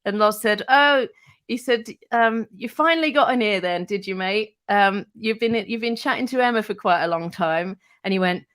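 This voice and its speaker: A woman's voice: mid-range voice, moderate pace, fairly bright tone, no room sound. A woman, a radio presenter telling rambling anecdotes as a guest, with plenty of fillers and casual swearing.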